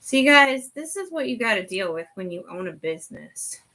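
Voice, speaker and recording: A woman's voice: mid-range voice, very animated, normal speed, bright, forceful tone. A woman hosting a podcast in a casual, rambling chat that keeps wandering off on side remarks. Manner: rambling, chatty, sidetracked. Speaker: podcast host.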